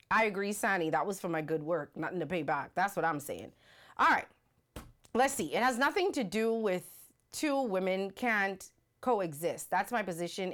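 A woman hosting a casual livestream, talking animatedly and reading out viewer comments. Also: mid-range voice. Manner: animated, rhetorical, reads viewer comments aloud. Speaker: livestream host. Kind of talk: casual live-stream commentary.

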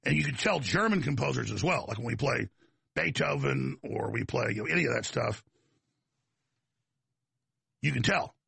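A man's voice: medium pitch, lively intonation, moderate pace, creaky, long pauses, fairly bright tone, husky, no room sound. A middle-aged man with a Texan accent talking in a casual, rambling monologue, drifting into folksy asides and side stories. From Texas. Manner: digressive storyteller, folksy asides.

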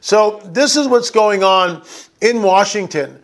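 A man's voice: high-pitched, slow, a bit bright. A man giving an indignant, emphatic political commentary over video clips.

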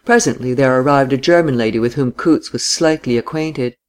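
Man, audiobook narrator, steady even reading, classic novel. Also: medium pitch, moderate pace, clear, resonant tone.

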